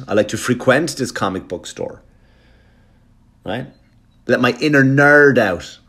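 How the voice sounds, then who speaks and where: Middle-aged male comic, low voice, rambling anecdote delivery, stumbles and restarts, salty asides. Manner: animated, stammering, profane asides. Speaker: comedian podcast host.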